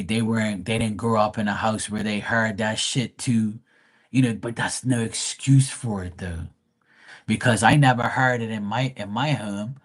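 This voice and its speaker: A middle-aged man hosts a casual livestream in a somewhat low voice. He talks bluntly and curses often. When he quotes his relatives, he slips into little imitations of them. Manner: blunt and profane, swearing freely; mimics family members in quoted voices. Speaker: livestream host.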